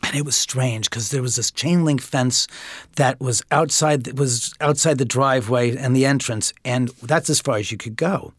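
A talkative man in his fifties from Los Angeles, spinning a long story and playing out every quote. His voice sits in a middle pitch, recorded dry and close. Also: normal speed, husky, dry recording. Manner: chatty storyteller who acts out quotes. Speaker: interview guest.

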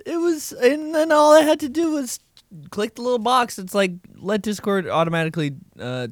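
A man's voice: very high-pitched, normal speed, no room sound, studio quality. A young man co-hosting a podcast in casual chat, laughing often and joking over a voice call. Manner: laughs often, jokey and animated. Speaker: podcast co-host. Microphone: faulty mic on a voice call.

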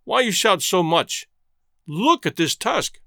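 A calm, impassive station clerk, as a male storyteller puts him on. He speaks evenly and with weight, his pitch rising and falling freely, and the recording is close and dry. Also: slow, gravelly, no room sound, full character voice. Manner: pleads, then speaks evenly and impressively.

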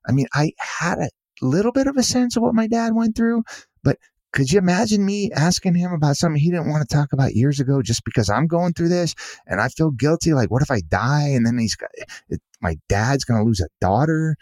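A man's voice: on the high side, animated, fairly quick, a little mellow, no echo, studio quality, voice pushed up. A man voicing a woman of about fifty, emphatic and guilt-ridden, as he retells a story. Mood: anguished.

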